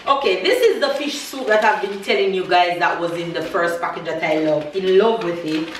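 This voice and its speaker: A woman's voice: fairly low pitch, normal speed, recorded from a distance, background noise. Emotional mother vlogging, echoey room. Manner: emotional, teary and laughing, speaking gently to her child. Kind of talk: casual family vlog, unboxing a package.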